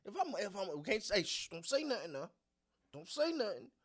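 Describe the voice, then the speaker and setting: Animated, bright-voiced man giving sports takes. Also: high-pitched, brisk. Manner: animated, repetitive, slangy, talks to the audience. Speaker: sports commentary host. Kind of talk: casual sports opinion talk.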